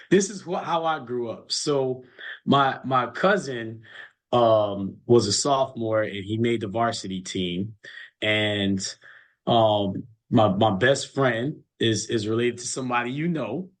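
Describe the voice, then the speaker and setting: A man coaching college basketball, chatting casually and telling earnest stories, often repeating his words. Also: medium pitch. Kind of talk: casual chat.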